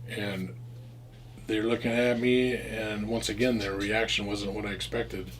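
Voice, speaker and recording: Low-voiced man telling a rambling story. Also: flat delivery, moderate pace, slight background noise. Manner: rambling, with restarts and frequent swearing. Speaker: storyteller recounting his past as a drug dealer. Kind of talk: casual spoken storytelling.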